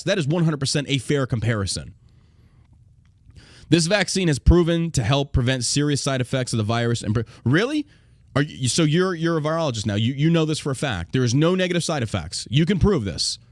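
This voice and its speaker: A man's voice: medium pitch, dry recording. A man hosting a podcast, ranting in a profane, combative and indignant way. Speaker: podcast host.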